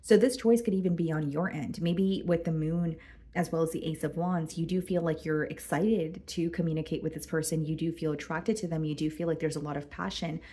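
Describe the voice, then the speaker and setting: A woman giving a casual tarot reading to her viewers, chatty and full of fillers, a bit hoarse and clearing her throat. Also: deep voice, steady tone, brisk, mellow. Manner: chatty, addresses viewers as guys, many fillers. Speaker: tarot reader.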